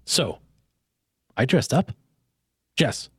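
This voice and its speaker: A male podcast host reads tweets aloud in a playful, mock-grand tone. His pitch swings freely, and he takes his time. The sound is dry and close-miked. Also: very animated, drawn-out words, slightly rough, no echo. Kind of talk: casual comedy podcast chat.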